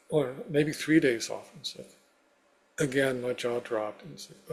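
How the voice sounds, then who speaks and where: A man's voice: mid-range voice, unhurried, breathy edge. A man as an interview guest, telling a personal story step by step with many "you know" fillers.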